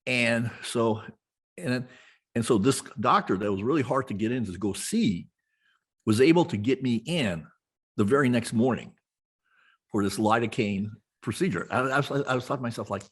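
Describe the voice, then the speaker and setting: A man's voice: mid-range voice, moderate pace, breathy edge. A middle-aged man telling a long personal story in casual conversation, rambling with many restarts and fillers. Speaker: podcast host, guest being interviewed.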